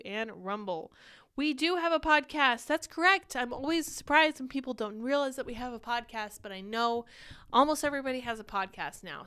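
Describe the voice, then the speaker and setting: A young woman hosts a casual live-stream show, chatting animatedly and reading viewer comments aloud while a little short of breath. Her voice is a little high, a bit bright, and smooth.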